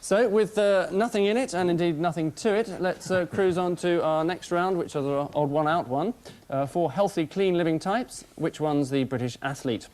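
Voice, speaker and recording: Deadpan man hosting a TV quiz. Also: high voice, normal speed, a little hiss or hum. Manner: deadpan, wry delivery of prepared jokes. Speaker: quiz show host. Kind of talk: dry scripted quiz hosting. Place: TV studio with live audience. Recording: broadcast TV audio.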